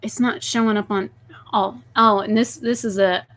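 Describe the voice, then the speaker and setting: A woman chatting casually on a live stream while hushing and soothing a restless pet snake, describing it with lots of "like.". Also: medium pitch, fairly even intonation, moderate pace. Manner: hushes and soothes a pet snake in soft murmurs. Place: at home at her desk.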